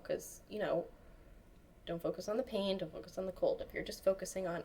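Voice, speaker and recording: A woman chatting as an interview guest, animated, acting out the voices of people she quotes. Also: mid-range voice, moderate pace. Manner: animated storyteller, acts out quotes. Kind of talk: casual interview chat.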